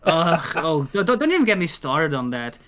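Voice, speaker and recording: A man guesting on a casual livestream in a fairly high voice. He keeps a relaxed, comfy tone while grumbling wryly. He swears casually as he talks. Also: normal speed, slight background noise. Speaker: guest streamer.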